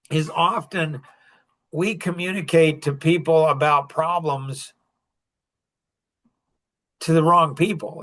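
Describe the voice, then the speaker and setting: A man in his fifties, a coach answering audience questions on a podcast, telling stories in a casual, conversational way. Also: on the high side. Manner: storytelling, animated retelling of conversations.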